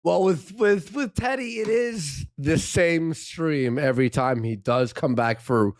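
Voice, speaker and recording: A man's voice: a little high, expressive, unhurried, dry recording, clean studio sound. A man co-hosting a live stream, giggling often and swearing casually. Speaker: co-host.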